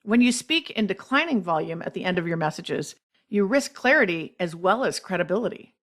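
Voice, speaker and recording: A woman's voice: on the low side, lively intonation. Woman host explaining speech tips. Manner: measured, instructive delivery. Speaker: podcast host.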